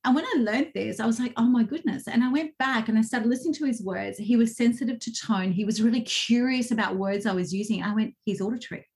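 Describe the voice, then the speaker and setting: A woman's voice: on the high side, fast, few pauses. A woman coach telling stories animatedly in a casual interview, acting out quotes with bursts of laughter. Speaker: guest, communication coach.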